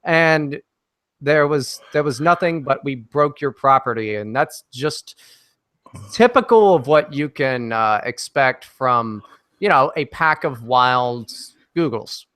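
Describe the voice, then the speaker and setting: A man on as a guest in a casual podcast chat, telling a story in a brash, profane, animated way. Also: mid-range voice, slow, no echo.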